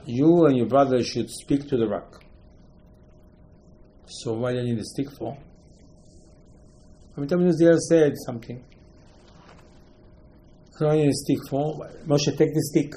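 A man's voice: mid-range voice, rough recording. Man animatedly teaching a Torah lesson. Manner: animated, rhetorical questions, acts out quotes.

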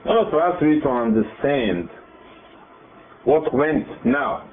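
A man teaching a Bible class. He explains verses, repeats words and acts out the dialogue with rising excitement. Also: mid-range voice, slow. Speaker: Torah teacher. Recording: tinny, echoey room with faint noise.

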